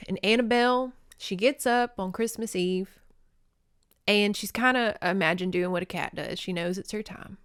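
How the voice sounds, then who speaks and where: A woman's voice: medium pitch, normal speed, fairly bright tone, smooth, dry recording, clean studio sound. A woman hosting a podcast, giving a folksy, sentimental recap of a movie and laughing often. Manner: fond and sentimental storytelling. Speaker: podcast host.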